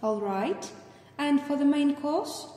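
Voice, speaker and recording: A woman's voice: high-pitched, expressive, slow, warm tone. A woman playing polite staff in scripted listening test dialogues, carefully enunciated. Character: polite adult woman serving customers. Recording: echoey room with long reverb.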